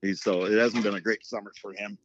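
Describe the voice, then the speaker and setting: A man's voice: on the low side, steady tone, quick pace, muffled recording, a little hiss or hum. A middle-aged man and former hockey coach, chatting casually and telling long stories with lots of fillers. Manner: rambling storyteller with many fillers. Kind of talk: casual chat.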